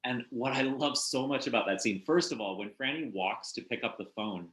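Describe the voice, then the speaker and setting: A man's voice: mid-range voice, moderate pace, a bit bright. A man talking through a book in a casual literary discussion, thoughtful and hesitant, with many fillers and restarts. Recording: roomy echoey room.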